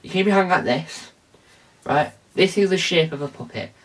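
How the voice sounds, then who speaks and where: A man's voice: high voice, moderate pace, distant mic. A man hosting a casual tutorial vlog, rambling and restarting with many fillers. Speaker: video host.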